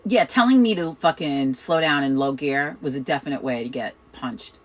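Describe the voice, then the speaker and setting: A middle-aged woman from Chicago with a New York accent, hosting a casual chat in a loud, fast, profane way. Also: deep voice, poor audio. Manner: loud, fast, swears a lot. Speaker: host of a witchcraft chat.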